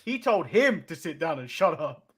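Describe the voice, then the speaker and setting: Um homem, co-apresentador de podcast, em conversa descontraída, rindo muito e resumindo os acontecimentos. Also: male voice, fairly high pitch, sing-song, moderate pace, a crowd in the background. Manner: giggly, recaps plainly. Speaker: podcast co-host. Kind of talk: casual chat.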